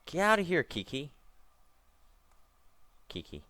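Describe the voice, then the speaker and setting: Rambling man with a lively pitch. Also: takes it slowly, dry recording. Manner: rambling, self-correcting, wry asides. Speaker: gameplay commentator. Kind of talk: casual let's-play commentary.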